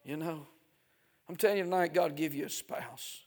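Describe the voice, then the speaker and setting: A male preacher delivering a sermon, dropping to near hushes and then building to loud, emphatic stretches punctuated with "Amen.". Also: fairly high pitch, moderate pace. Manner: swings from hushed to shouting, repeats "Amen".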